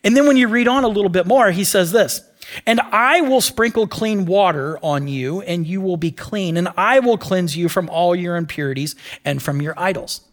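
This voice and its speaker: A man with a fairly high voice delivers a sermon. He swings between animated, quick-paced explanation and a low, hushed near-whisper when he presses a point. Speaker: pastor.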